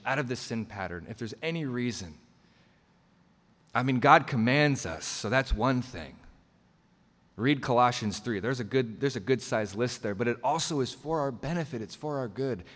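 A male pastor delivers an earnest, emphatic sermon at a medium pitch. His voice rings out with a long hall reverb, as if he is preaching in a church sanctuary. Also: a bit bright. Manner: earnest, emphatic preaching with frequent restarts and asides.

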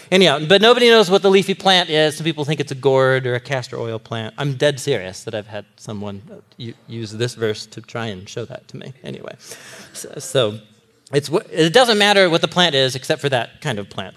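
A man in his thirties preaching with lively humor and frequent laughter. He talks straight to his congregation with a slightly high voice. Each passage moves into an animated, conversational sermon. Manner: animated, humorous, laughs often, addresses audience.

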